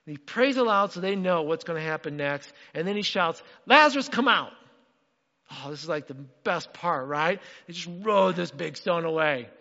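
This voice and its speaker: Man, pastor, animated sermon, high-pitched, long hall reverb. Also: normal speed, gravelly, few pauses, muffled recording. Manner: animated, acts out quotes.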